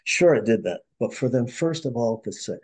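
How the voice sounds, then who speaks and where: A man with a mellow, slightly husky voice tells a client story as a podcast guest. He is an earnest storyteller who acts out the quotes, lifting or dropping his voice for each person. He is a marriage and family therapist. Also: medium pitch, animated, normal speed.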